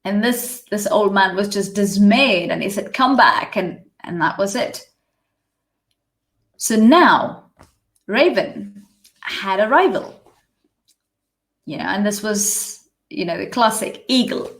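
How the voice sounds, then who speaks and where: A woman telling a myth in a live teaching session, measured, with restarts and asides. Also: medium pitch, expressive. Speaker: spiritual teacher. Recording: roomy echo.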